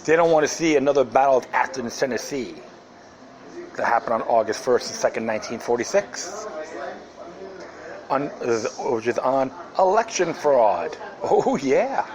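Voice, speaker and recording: A man's voice: medium pitch, lively intonation, normal speed, low-quality recording. A man hosting a podcast, talking in a rambling, sarcastic casual monologue. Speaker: podcast host.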